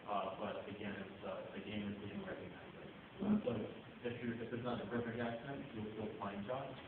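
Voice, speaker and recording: A man's voice: lowish voice, expressive, moderate pace, phone-quality sound, background noise. A man on a panel explaining, hesitant with fillers. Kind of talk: panel talk. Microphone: audience member's cell phone. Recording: echoey hall on a phone from far off.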